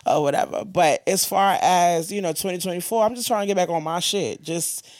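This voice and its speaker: A woman hosting a podcast, venting in casual chat with blunt, profane and animated talk. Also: lowish voice, brisk, dry recording. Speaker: podcast host.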